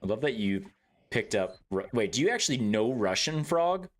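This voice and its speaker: A man's voice: mid-range voice, big pitch swings, moderate pace. Laid-back, joking male game streamer. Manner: joking and laid-back, swears freely, laughs often. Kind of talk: casual live-stream chat with viewers.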